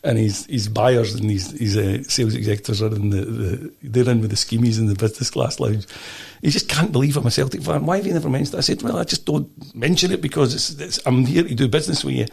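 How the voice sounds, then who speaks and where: A middle-aged Scottish man in a casual interview, telling stories with animated restarts and repeated words. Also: medium pitch, quick pace, gravelly, few pauses, husky. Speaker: podcast guest.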